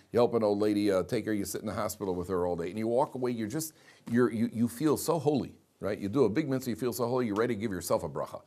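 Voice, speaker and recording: A man teaching a Torah class, reading Hebrew verses aloud slowly and explaining them, often asking the class questions and repeating himself. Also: lowish voice. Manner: animated, asks the class questions and repeats lines.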